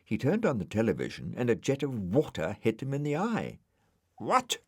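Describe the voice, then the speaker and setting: A man narrating a children's storybook aloud with gentle expression. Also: mid-range voice, huge pitch swings, brisk, slightly rough, no room sound, clean studio sound. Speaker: audiobook narrator. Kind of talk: storybook reading.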